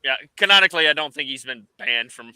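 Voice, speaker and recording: A man with a fairly high, very bright voice answers questions in a loose, casual chat, laughing often as he talks. The recording is dry and close. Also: lively intonation, quick pace, clean tone, dry recording. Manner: laughs often mid-sentence.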